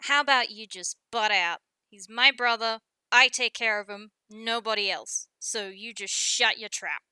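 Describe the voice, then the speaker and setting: A woman voicing a tiny, bossy toon man who loudly scolds and protects his brother, in a tabletop role-play. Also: fairly high pitch, slow, smooth, no echo. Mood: angry scolding. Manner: loud, scolding, bristling.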